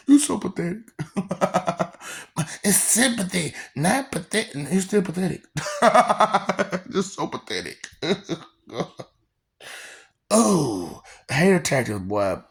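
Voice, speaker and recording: A man on a solo rant, teasing his listeners and breaking into laughter between lines. His voice sits a little high with a gravelly edge. He rambles, repeats himself and stumbles over his words. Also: lively intonation, takes it slowly, pauses often. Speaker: vlogger. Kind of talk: mocking rant monologue.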